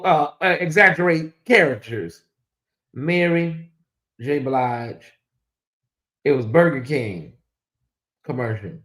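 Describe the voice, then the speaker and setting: A man hosting a casual livestream, chatting straight to his viewers, reading comments aloud and slipping into mocking voices. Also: sits high. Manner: animated and chatty, slips into mocking put-on voices; talks straight to viewers and reads chat aloud. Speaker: host.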